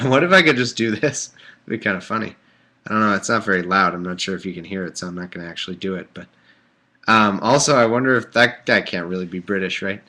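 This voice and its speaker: A man with a fairly low, bright voice reads old scripture on a live stream. He keeps wandering off into casual, joking tangents before going back to the text. He talks into a computer microphone. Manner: rambling, jokey asides. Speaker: livestream host. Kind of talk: reading scripture aloud with casual commentary.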